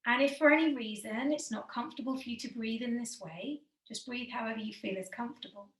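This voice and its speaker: A woman with a slightly high voice leads a guided breathing session, speaking slowly and soothingly. Her gentle instructions carry a noticeable room echo. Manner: slow, soothing, gently encouraging.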